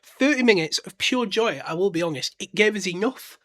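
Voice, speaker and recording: A man's voice: high voice, lively intonation, fairly quick, fairly bright tone. A man hosting a casual solo podcast, talking bluntly with lots of fillers and restarts. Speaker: podcast host.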